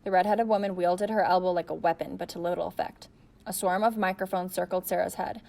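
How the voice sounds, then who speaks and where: A woman narrating a novel with steady storytelling. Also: on the low side, fairly quick, vocal fry. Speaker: audiobook narrator. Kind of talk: audiobook narration.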